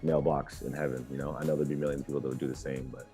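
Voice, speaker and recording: A man's voice: very deep voice, level tone, rapid-fire, mellow, faint music behind. A man speaking as a guest on a podcast in casual conversation, talking in a heartfelt way with frequent restarts.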